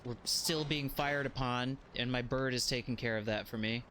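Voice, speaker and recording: A man streaming a game while chatting casually, often yelping and shouting at what happens on screen. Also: mid-range voice, moderate pace. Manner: animated, yelps and shouts at the game. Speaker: streamer and schoolteacher. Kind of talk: casual live gameplay commentary. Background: game music.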